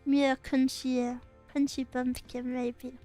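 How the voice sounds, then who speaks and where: A young woman from England, high-pitched and speaking slowly, reads out viewer comments during a casual stream. Faint music plays behind her as she rambles, giggles, and spins animated stories.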